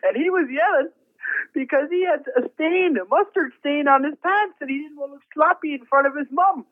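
A man with a very high voice plays a rambling old rock roadie, folksy and easily amused, who chuckles often while dragging out anticlimactic stories. He's a phone-in guest on a comedy interview. The phone line is tinny and dry, with no room sound.

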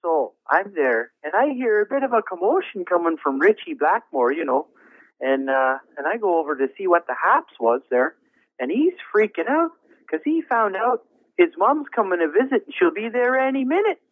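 A man's voice: sits high, sing-song, no echo. A man playing an older rock roadie who tells rambling, folksy stories with frequent chuckles in a comedy phone interview. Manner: drawn-out anticlimactic storytelling. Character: rambling old male rock roadie, folksy and easily amused. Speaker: phone-in guest. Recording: tinny dry phone line.

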